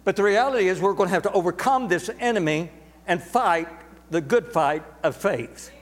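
A man's voice: high voice, expressive, moderate pace, long reverb tail. A man preaching a sermon to a congregation, emphatic and repetitive, drawing words out for stress. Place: church sanctuary.

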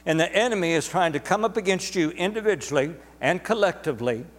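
A man's voice: high voice, expressive, fast, in a large hall. A man preaching a sermon to a congregation, emphatic and repetitive, drawing words out for stress. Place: church sanctuary.

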